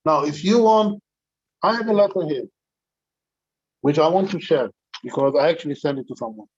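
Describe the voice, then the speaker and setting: A man's voice: on the high side, animated, normal speed, darkish tone, slightly rough, dull audio. An older man, a rabbi, telling an anecdotal story to a community gathering, with frequent restarts.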